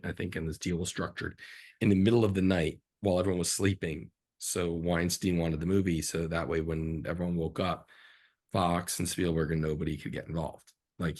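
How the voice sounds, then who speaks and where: A man, a film director as guest, telling stories from his career in a casual, animated interview. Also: low voice, husky. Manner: animated, acts out quotes in a raised voice.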